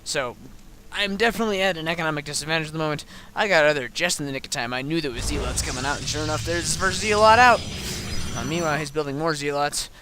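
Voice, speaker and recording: A man's voice: a little high, bright, forceful tone, a little hiss or hum. A tired man who has been up all night, casually talking through his own game replay with lots of ums and restarts. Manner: halting, many ums and restarts.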